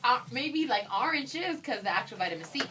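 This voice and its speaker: A woman's voice: fairly high pitch, animated, brisk, distant mic, poor audio. A young woman co-hosting a college radio show, chatting casually and emphatically, often laughing. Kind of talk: casual chat. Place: radio studio. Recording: voice a bit off-mic with faint noise.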